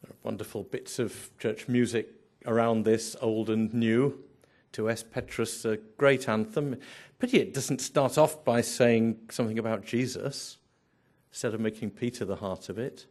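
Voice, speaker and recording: A man's voice: fairly low pitch, steady tone, a little slow, a little mellow. A man preaching a sermon, emphatic, building through repeated phrases and rhetorical questions.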